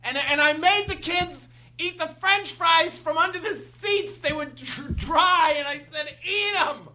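A man voicing a middle-aged mother who yells at her family at a mall, insisting over and over that she is fun. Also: very high voice, steady tone, moderate pace, pitched above the performer's own voice. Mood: ranting. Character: shrill middle-aged mom ranting at a mall. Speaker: guest comedian doing a bit.

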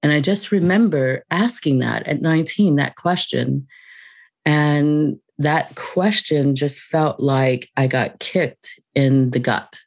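A woman guest on a podcast, telling a personal story in a reflective, unhurried way, laughing lightly between thoughts. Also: sits low, creaky, a little mellow, no echo. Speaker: podcast guest, mindfulness teacher.

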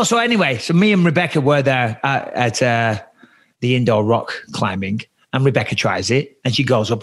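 A man in his thirties telling stories in casual chat as a podcast co-host, animated and profane. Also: mid-range voice.

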